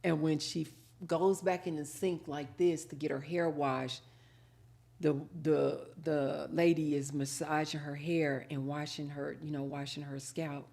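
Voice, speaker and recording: A middle-aged woman hosting a casual live chat, reading viewer comments aloud and telling animated stories with drawn-out words. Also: low-pitched, vocal fry.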